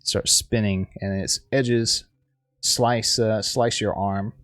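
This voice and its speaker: A man running a tabletop game as game master, narrating haltingly with frequent restarts and searching for words. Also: fairly low pitch, fairly even intonation, fairly bright tone, dry recording.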